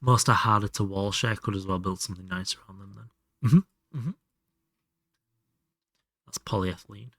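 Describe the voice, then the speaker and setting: Low-voiced man streaming a game. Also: fairly even intonation, normal speed, pauses often, bright, forceful tone, dry recording, studio quality. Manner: chatty, reacting to chat while playing. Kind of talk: casual gameplay chat.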